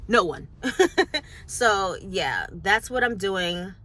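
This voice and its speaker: A woman's voice: mid-range voice, expressive, slow, sharp tone. A candid, chatty woman in middle age speaks to camera in a casual vlog. She reflects openly on her week and shares her thoughts with her followers. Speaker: vlogger and makeup artist. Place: New York City.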